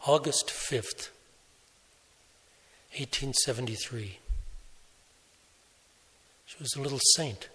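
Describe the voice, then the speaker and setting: A man preaching a sermon, telling a story slowly and deliberately, softening his voice for quoted speech. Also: medium pitch. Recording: long hall reverb.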